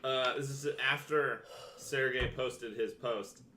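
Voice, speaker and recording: A man's voice: mid-range voice, fairly even intonation, slow, echoey room, noisy background. A man running a tabletop game as game master, narrating loosely with lots of fillers and casual cursing.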